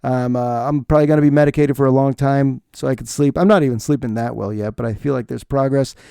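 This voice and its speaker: Gravelly, dark-voiced male podcast host. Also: mid-range voice, steady tone, quick pace, no echo, clean studio sound. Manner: rambling, chatty and self-deprecating. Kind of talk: casual solo podcast monologue.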